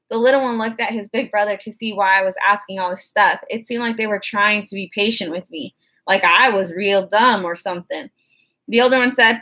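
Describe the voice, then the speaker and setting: A woman's voice: on the high side, moderate pace, sharp tone. A woman narrating an audiobook in the first person, with a wry, conversational storytelling manner.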